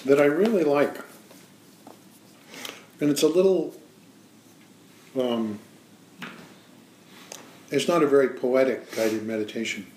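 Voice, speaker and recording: A man leading an informal meditation talk, speaking in a relaxed, hesitant way with frequent pauses. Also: mid-range voice. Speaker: meditation teacher. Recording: echoey room with faint noise.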